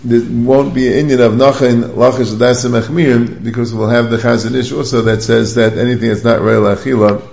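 A man's voice: medium pitch, steady tone, a little fast, creaky, few pauses, darkish tone, echoey room, dull audio. A man giving a Talmudic study lecture, reasoning aloud through sources and posing questions to himself as he goes. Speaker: rabbinic lecturer.

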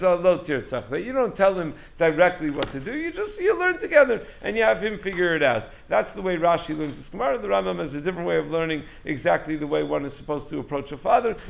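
A man's voice: on the high side, vocal fry, slight background noise. A man giving a Talmud lesson, explaining animatedly in English full of Aramaic and Hebrew terms. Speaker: Talmud teacher giving a daily class. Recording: dull lo-fi recording.

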